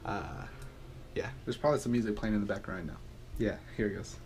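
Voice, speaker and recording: A man's voice: on the low side, fairly even intonation, quick pace, darkish tone, slight background noise. A young man vlogging to camera, upbeat and rambling, with lots of fillers, first at home and then driving in his car. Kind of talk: casual vlog talk to camera.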